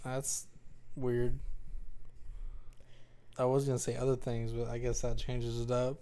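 A young woman co-hosting a podcast in casual chat, blunt and profane with quick joking asides. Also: rumbling low, flat delivery, warm tone, smooth. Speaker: podcast co-host.

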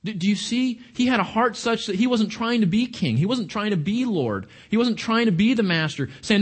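Animated man preaching a sermon. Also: sits high, moderate pace, hardly any pauses, breathy edge. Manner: animated preaching with repeated words and restarts. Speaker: pastor.

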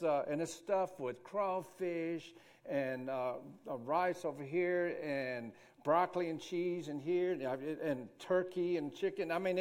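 Middle-aged guy, preacher telling a folksy story, kinda rambly, voice sits a bit high. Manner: rambling, homespun, full of restarts.

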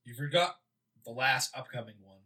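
A man's voice: mid-range voice, moderate pace, sharp tone. A man co-hosting a podcast in casual chat, tossing in dry interjections. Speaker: podcast co-host.

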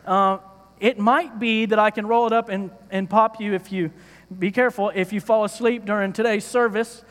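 Preacher, male, very high voice, playful and joking, hall reverb. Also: steady tone, normal speed, a bit bright. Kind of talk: sermon. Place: church stage.

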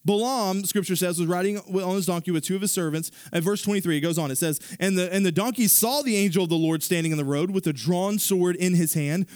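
A man preaching a sermon, retelling a scripture story in a casual, animated way with fillers and asides to the congregation. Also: sits high, no room sound, clean studio sound. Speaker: pastor.

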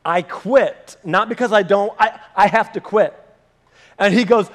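A man with a high voice preaches a sermon. He tells a personal story and acts out the back-and-forth dialogue with animation. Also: animated, unhurried. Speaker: pastor.

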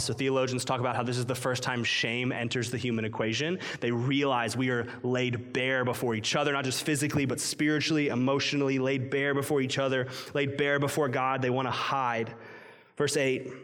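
A man's voice: medium pitch, steady tone, a little fast, fairly bright tone. A man in his thirties, a pastor delivering a sermon in an emphatic, conversational way. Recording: long hall reverb.

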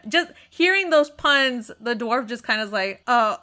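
Upbeat woman dungeon master, bright and slightly high, narrating and explaining rules. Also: expressive. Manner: upbeat, quick, laughs often. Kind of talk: narrating and explaining a tabletop game.

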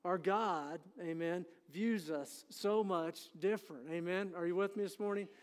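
High-voiced pastor in an echoing hall. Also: male voice, unhurried, smooth. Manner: conversational and folksy, frequent "you know" and "amen". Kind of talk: sermon. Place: church sanctuary.

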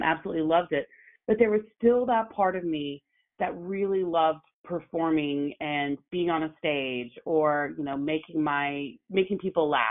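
A woman, an actress and journalist, telling her story as a guest in a casual conversation, animated and full of fillers. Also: low-pitched. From Oklahoma. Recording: phone-like narrow sound.

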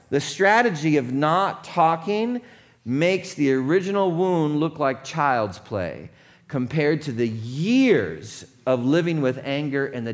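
Pastor with a higher man's voice. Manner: conversational, checks in with the audience often. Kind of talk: sermon.

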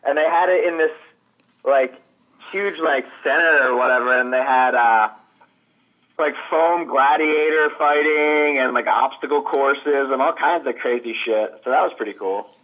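A man's voice: medium pitch, unhurried, phone-quality sound. A man co-hosting a podcast, chatting casually and dropping dry, laid-back quips. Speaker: podcast co-host.

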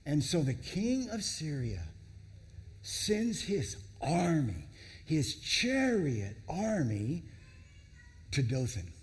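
Male pastor, emphatic sermon delivery, gravelly texture, high and lively pitch, big reverberant hall. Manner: dramatic, emphatic preaching with long pauses.

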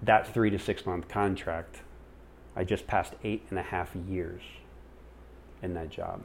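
A man's voice: low-pitched, unhurried, slight background noise. A man speaking at church, telling a personal story in a sermon and acting out the people he quotes. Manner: animated, acts out quoted voices.

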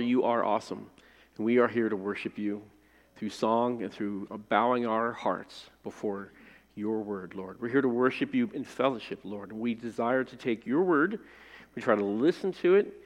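Male pastor, mid-pitched, dynamic sermon delivery, recorded with a long church reverb. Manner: dynamic, swings from loud emphasis to hushed phrase endings. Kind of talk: sermon with scripture reading and prayer. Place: church sanctuary. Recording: long reverb of a large hall.

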